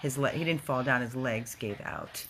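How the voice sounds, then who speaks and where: Woman rescue volunteer, very deep voice, emotional and halting delivery, casual video update. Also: a bit bright, a little hiss or hum. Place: rescue house, indoors.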